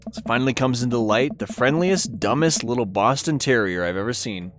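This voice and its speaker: A man streaming himself reading a dating game aloud, his voice moving lively up and down. He reads in a playful, chatty way, and game music plays clearly underneath. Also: mid-range voice, brisk. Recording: game music playing behind.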